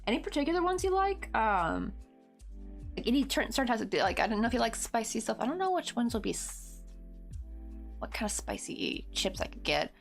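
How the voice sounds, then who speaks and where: A woman's voice: fairly high pitch, sing-song, a little fast, gravelly. Chatty woman crochet streamer, faint music. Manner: chatty and rambling, lots of "like", laughs often. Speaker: crochet livestreamer. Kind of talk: casual chat while crocheting.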